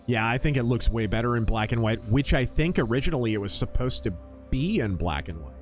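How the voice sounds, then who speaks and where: Animated, lively-voiced game streamer. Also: male voice, medium pitch, fairly quick, soft background music. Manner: animated storyteller, acts out quotes. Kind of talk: casual live-stream chat.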